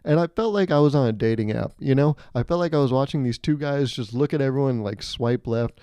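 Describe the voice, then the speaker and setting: A man hosting a solo comedy podcast, telling animated, self-mocking stories and laughing mid-sentence. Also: medium pitch, fairly quick, clean tone, no room sound. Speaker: podcast host.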